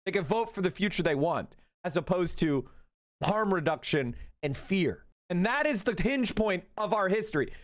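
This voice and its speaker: A man hosting a political livestream, talking in a casual, profane, animated way with rapid asides. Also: sits high.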